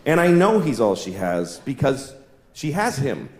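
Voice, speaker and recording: A man's voice: mid-range voice, big pitch swings, measured pace. A man doing a stand-up comedy routine, talking in a mocking way and acting out the voices of people and animals. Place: stage in a comedy venue. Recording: echoey venue with crowd noise.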